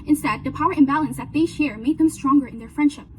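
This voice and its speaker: A young woman gives an earnest class presentation, explaining her points one at a time and moving between them with "so" and "now." Her voice is high and her pace quick, with poor audio and a little background noise.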